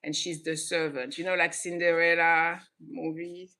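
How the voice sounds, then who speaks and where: A woman from Senegal who grew up in southern France hosts her own channel and talks casually to camera. She gets animated, laughs often and restarts her sentences. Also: on the low side, normal speed. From Senegal, raised in southern France. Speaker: channel host.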